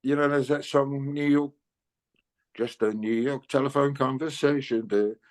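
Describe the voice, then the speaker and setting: An older man, telling anecdotes in a casual interview, full of "you know"s and quick laughs. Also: mid-range voice, steady tone. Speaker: interviewed musician.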